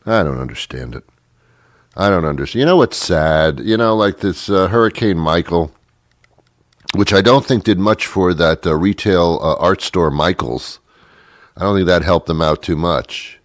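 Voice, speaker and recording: A man's voice: low-pitched, lively intonation, unhurried, no echo, clean studio sound. A man hosting a talk show, rambling sarcastically through a comic monologue with many asides. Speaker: radio show host.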